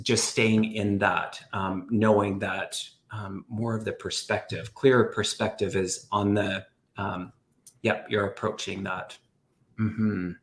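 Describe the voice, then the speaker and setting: A man who is a guest medium on a live stream, talking haltingly with many fillers and easy laughter. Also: lowish voice. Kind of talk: casual live-stream chat.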